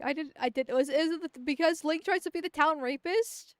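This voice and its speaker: High-voiced woman streamer, crude and joking. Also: moderate pace, few pauses, dry recording. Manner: crude, joking, frequent laughter and stammers. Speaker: vtuber streamer. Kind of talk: casual gameplay commentary.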